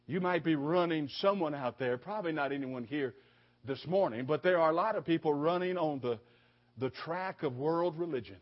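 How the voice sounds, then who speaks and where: Man, preacher, husky voice, higher pitch, emphatic sermon, repeats phrases, dull lo-fi recording. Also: moderate pace. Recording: dull lo-fi sound.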